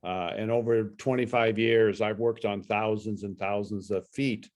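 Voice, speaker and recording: A man's voice: on the low side, steady tone, normal speed, a little mellow. A man guest speaking in an easygoing, matter-of-fact way over a video call. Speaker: guest, foot-care author. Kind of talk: casual conversation on a video call.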